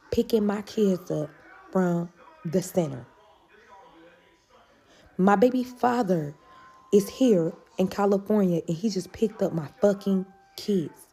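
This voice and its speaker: A young woman from St. Louis tells a drawn-out, dramatic storytime vlog, cursing freely and calling her viewers "y'all." Her mid-range voice is dark and breathy, with vocal fry.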